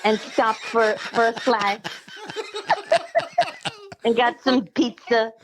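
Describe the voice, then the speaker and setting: A woman's voice: fairly high pitch, fairly even intonation, slow, low-quality recording. A woman with a southern central New Jersey accent, a podcast guest chatting casually, laughing often and swearing playfully. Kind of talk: casual chat.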